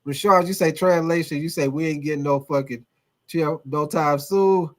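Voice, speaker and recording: A man's voice: on the high side, moderate pace. A man hosting a casual sports livestream, reading chat comments aloud in a loose, repetitive way, swearing and laughing often.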